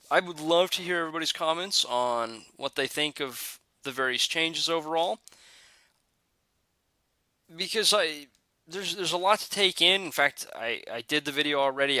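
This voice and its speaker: Man, very bright voice, smooth and clear, casual game commentary, hesitant with lots of fillers. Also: mid-range voice, no echo. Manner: hesitant, many "uh" fillers and restarts. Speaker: gaming video creator.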